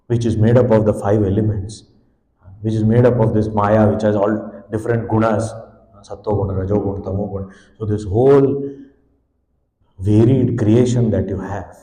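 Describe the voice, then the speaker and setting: A man, a swami, giving a devotional discourse on a hymn, with expressive storytelling that sometimes speaks in the voice of a helpless infant. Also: fairly low pitch. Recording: echoey hall.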